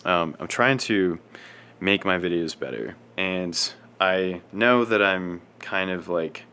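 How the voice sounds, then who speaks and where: Low-voiced rambling man telling a story. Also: slow, slight background noise. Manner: self-described monotone, rambling and scatterbrained, swears often. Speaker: fitness vlogger. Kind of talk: casual storytelling to camera.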